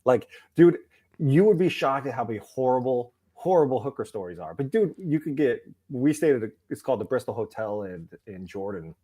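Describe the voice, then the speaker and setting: A man's voice: medium pitch, big pitch swings, fairly quick, warm tone, breathy edge. A man, a podcast guest and author, telling profane, rambling anecdotes in casual talk and acting out the people he quotes. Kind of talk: casual storytelling.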